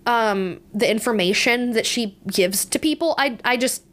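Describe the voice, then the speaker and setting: A woman's voice: fairly high pitch, a little slow, fairly bright tone. A young woman hosting a casual book review podcast, chatty and congested, with many fillers and restarts and frequent laughter. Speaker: podcast host.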